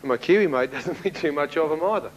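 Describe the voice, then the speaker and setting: A man giving a spoken testimony to an audience, telling his story in an animated way and acting out the dialogue. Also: on the high side, quick pace, slight background noise, rough recording. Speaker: speaker giving a personal testimony.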